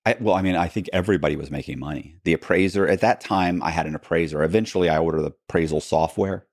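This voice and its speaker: A middle-aged man, a podcast guest, telling a story in an animated, casual way, full of restarts and "bro". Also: low-pitched, dry recording, studio quality. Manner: animated, fast retelling with many restarts and "bro".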